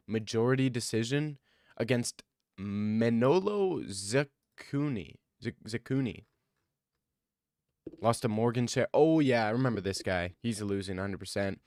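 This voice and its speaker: A man giving casual MMA commentary, thinking out loud and rambling, then breaking into excited rants. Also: lowish voice, unhurried, dry recording, studio quality. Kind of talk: casual fight-card commentary.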